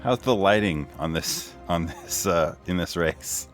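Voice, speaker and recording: Deep voiced guy player, quick matter-of-fact, faint music. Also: animated. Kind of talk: casual tabletop play.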